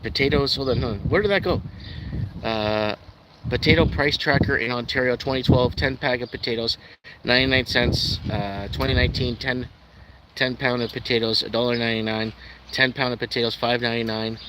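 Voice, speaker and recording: A man talks loosely into his livestream, ranting with a skeptical edge and stumbling through restarts as he reads viewer comments aloud. His voice sits at a middle pitch. A steady wash of background noise runs under him, with vehicles passing now and then. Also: a little fast. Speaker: livestream host. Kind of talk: rambling live stream chat, reading viewer comments. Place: at home in Calgary.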